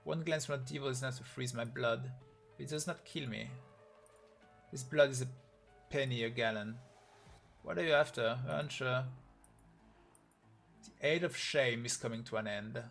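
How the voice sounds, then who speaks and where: A man's voice: medium pitch, normal speed, gravelly, pauses often, fairly bright tone, soft background music. A man on a live stream reading a game's story aloud, voicing every character in his own voice and getting emotional.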